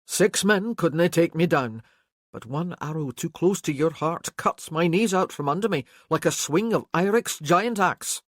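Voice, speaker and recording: A woman voicing a bold Highland warrior man in an audiobook, with a firm, loud, coaxing delivery. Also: lively intonation, normal speed, no room sound, studio quality.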